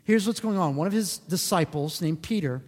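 A man's voice: fairly high pitch, expressive, moderate pace. A male pastor preaching a sermon in an earnest way, repeating phrases for emphasis. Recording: long hall reverb.

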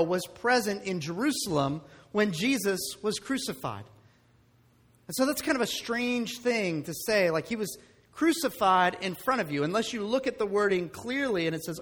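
A man with a high voice preaches a lively, conversational sermon full of rhetorical questions. He speaks from a church sanctuary, and a long reverb rings out after his words. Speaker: pastor.

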